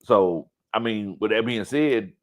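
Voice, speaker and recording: A man hosting a casual sports talk show, animated and full of impressions and bits of song. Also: fairly low pitch, unhurried. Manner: animated, breaks into singing and impressions.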